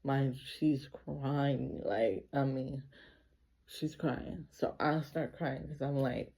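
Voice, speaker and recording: A woman tells a personal story in a storytime vlog, sounding emotional and casual. Her voice is gravelly with vocal fry and has a mellow, dark tone. She keeps coming back to 'like' as she talks it through. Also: a bass voice, steady tone, slow. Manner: casual, emotional retelling full of repeated 'like'. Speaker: vlogger.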